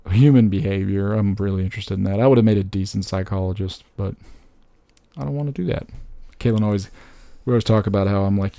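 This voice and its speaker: Gravelly, joking man on a podcast. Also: fairly low pitch, fairly quick, dry recording. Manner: animated, joking, laughs often. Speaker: podcast co-host. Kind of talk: casual chat.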